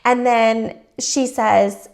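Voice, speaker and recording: Animated woman recounting a story. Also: fairly high pitch, very slow, gravelly. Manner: animated storytelling, acts out quotes. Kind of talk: candid podcast conversation.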